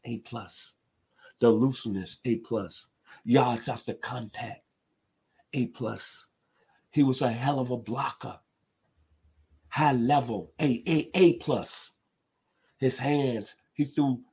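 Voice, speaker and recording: A man's voice: medium pitch, takes it slowly, darkish tone, slightly rough. A man from Memphis, giving an emphatic sports commentary monologue. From Memphis, Tennessee. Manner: emphatic, builds to impassioned outbursts.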